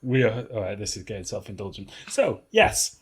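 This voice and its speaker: A man's voice: lowish voice, sing-song, moderate pace, husky. A man, hosting a podcast in casual chat, laughing often and rambling. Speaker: podcast host.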